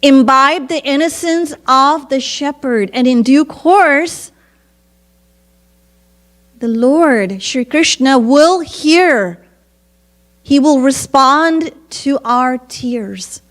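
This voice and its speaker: A woman preacher telling a devotional story in an earnest, measured sermon. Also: sits high.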